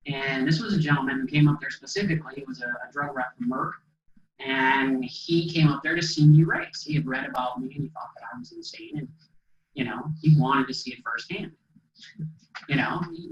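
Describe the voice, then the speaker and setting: A man's voice: mid-range voice, a bit bright. A middle-aged man gives a motivational talk in a storytelling manner, chatty and loose, full of fillers and quoted dialogue. The sound is dull and comes from a distance, with the echo of a large hall around him. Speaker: motivational speaker. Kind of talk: storytelling presentation to an audience.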